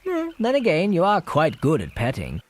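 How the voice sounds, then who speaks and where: A man voicing a classy, fussy talking pet cat with a British accent in an animated film. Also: a little high, moderate pace. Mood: sly.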